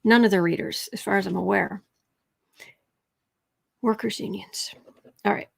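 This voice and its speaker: A Southern-accented woman with a medium-pitched voice and vocal fry hosts a casual tarot livestream at an unhurried pace. She chats with viewers, reads out their comments, tosses in sarcastic asides, and drops to soft murmurs while shuffling.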